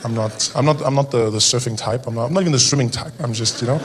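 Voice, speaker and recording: A man from South Africa performing a stand-up comedy set, animated and acting out other people's voices. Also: medium pitch, quick pace, slight background noise.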